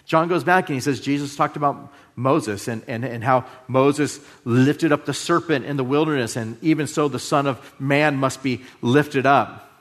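A man preaching a sermon, moving between loud emphasis and hushed, drawn-out phrases. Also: mid-range voice. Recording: long hall reverb.

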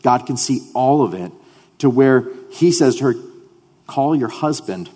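A man of middle pitch preaches a sermon, restarting his phrases with repeated words and dropping from punchy emphasis to near-hushed lines. His voice carries a long reverb, as if it fills a big hall. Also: expressive, a little slow. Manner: stammering restarts, swings between loud emphasis and hushed delivery. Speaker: pastor.

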